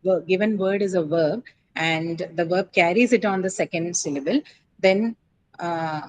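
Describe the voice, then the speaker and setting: A woman's voice: fairly low pitch, measured pace, a little mellow, poor audio. A woman teaching English word stress in a classroom lecture, explaining patiently, asking students questions and often checking with "right?".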